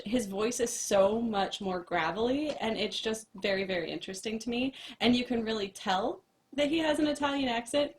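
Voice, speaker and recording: A woman co-hosting a casual chat, talking in a rambling, giggly way. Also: fairly high pitch. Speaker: co-host.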